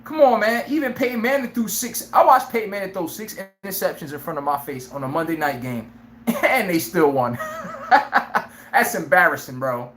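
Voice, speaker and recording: Brash, laughing live sports-stream host. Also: male voice, sits high, moderate pace, echoey room, slight background noise. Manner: brash, animated, laughs often, acts out players' lines. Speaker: sports talk show host.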